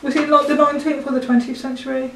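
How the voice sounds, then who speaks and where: A woman co-hosting a book chat, asking quick questions and dropping short replies. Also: high-pitched, little pitch movement, a bit bright. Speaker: book reviewer. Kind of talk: casual chat. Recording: echoey room, far from the mic, noise.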